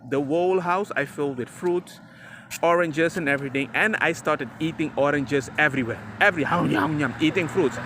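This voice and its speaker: A man's voice: fairly high pitch, pushed and bright, slight background noise. A father talking casually to the camera about raising his son, chatty and emphatic, and he calls the viewer bro. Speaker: father sharing parenting advice.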